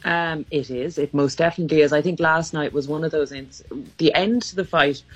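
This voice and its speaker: A woman's voice: sits low, brisk. A woman giving emphatic, opinionated views as a sports panelist. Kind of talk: casual sports chat.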